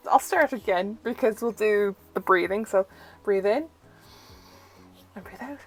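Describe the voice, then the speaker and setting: A woman's voice: medium pitch, measured pace, faint music behind, rough recording. A young woman tarot reader, chatting through a first look at an oracle deck and filling her talk with "like". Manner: chatty, uses "like" a lot; gushing, easily delighted.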